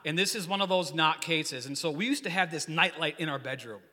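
A man's voice: a little high, a little fast. A man in his forties, a youth pastor, preaching a casual, joking sermon to his church and leading the crowd in call-and-response. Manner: joking, energetic, rambling storyteller. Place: church hall. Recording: long hall reverb.

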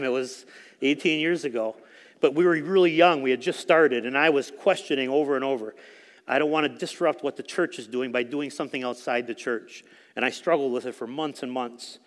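Man telling a story in a church hall. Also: medium pitch. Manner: storytelling, conversational, with frequent fillers. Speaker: speaker at church. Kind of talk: sermon testimony.

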